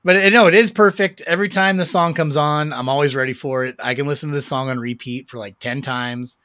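A man's voice: fairly high pitch, steady tone, fairly quick, a bit bright, dry recording, studio quality. A man co-hosting a casual podcast chat about music, enthusiastic and rambling, with lots of fillers and restarts and some swearing. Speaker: podcast co-host.

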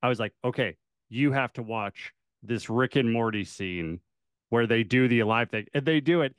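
A man co-hosting a podcast in casual chat, laid-back and quick to laugh. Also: mid-range voice, smooth, no room sound, clean studio sound. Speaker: podcast co-host.

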